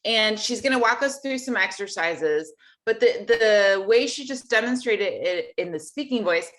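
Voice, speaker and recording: Bright-voiced woman teaching singing. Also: mid-range voice, lively intonation, normal speed. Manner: explains and demonstrates sounds in her speaking voice. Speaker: voice teacher hosting a workshop. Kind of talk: online singing lesson.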